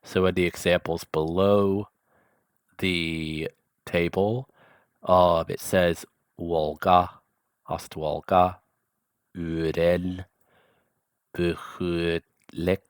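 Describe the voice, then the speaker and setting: A man's voice: deep voice, smooth, dry recording, studio quality. A man teaching a language lesson in a casual, chatty way, enunciating carefully and dropping offhand asides. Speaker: language tutor.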